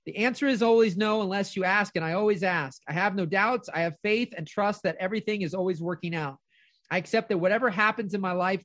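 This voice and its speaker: Firm declarations fill this motivational coaching call, delivered by a middle-aged man in a high-pitched, fairly bright voice. He encourages the caller earnestly, and the recording is dry.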